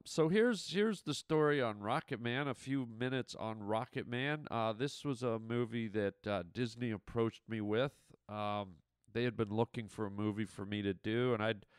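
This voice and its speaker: A man's voice: medium pitch, smooth, no room sound, studio quality. A man, an actor and comedian, telling a rambling, playful story in a casual recorded message.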